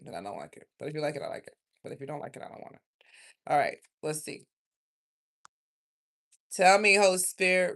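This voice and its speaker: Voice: medium pitch, vocal fry. A tarot reader from South Carolina, giving a rambling, emotional, chatty card reading in a casual livestream.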